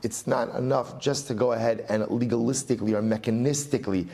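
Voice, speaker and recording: A middle-aged man, a rabbi, lectures on Talmud in a lively way, weaving Aramaic and Hebrew into his speech and repeating phrases to stress them. His medium-pitched voice has vocal fry, and he talks a little fast.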